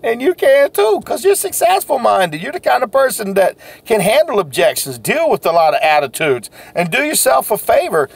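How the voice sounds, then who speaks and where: A man's voice: extremely high pitch, very animated, moderate pace, vocal fry, few pauses, husky, no room sound. A man, a sales coach giving a folksy, self-deprecating motivational talk.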